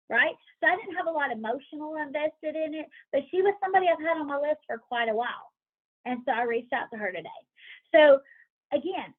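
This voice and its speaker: A fairly high-voiced woman coaching her sales team on a group call, animated and conversational, playing out anxious thoughts before turning them around. Her voice comes through a thin, phone-like line. She pauses to ask her listeners to unmute and answer. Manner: animated, acts out inner voices, asks the group questions. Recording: tinny phone-like call audio.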